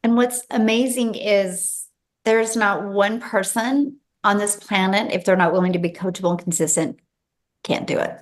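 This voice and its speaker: A woman's voice: mid-range voice, moderate pace. A woman hosting, gushing with effusive praise for her guests. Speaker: host and mentor.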